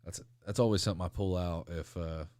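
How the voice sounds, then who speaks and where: A man with a deep, low voice, recorded dry and close with no room around it. He chats casually as a pro wrestler guest, laughing often and slipping into the voices of the people in his stories. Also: a little fast, no room sound. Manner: animated, laughs often, acts out quoted people. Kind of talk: casual storytelling interview.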